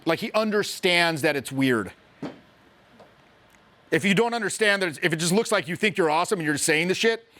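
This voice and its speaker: A man who coaches social skills, explaining casually with animated, profane storytelling. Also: a little high.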